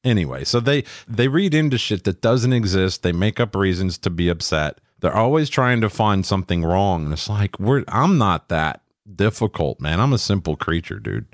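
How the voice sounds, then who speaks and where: A man's voice: lowish voice, expressive, moderate pace, hardly any pauses, no echo, clean studio sound. A middle-aged man, co-host of a podcast, telling stories in a blunt, profane, casual way. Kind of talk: casual chat.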